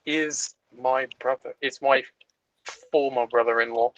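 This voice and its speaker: A man playing a tabletop game, making quick, playful suggestions. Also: mid-range voice, steady tone, a bit bright, rough recording. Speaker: player. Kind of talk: casual tabletop game talk.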